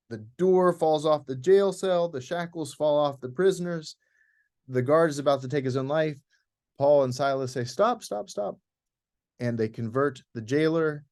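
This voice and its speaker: A man giving an informal, conversational presentation to a church group about a planned trip, leading it as clergy. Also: on the high side. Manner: relaxed, conversational with many restarts. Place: church hall.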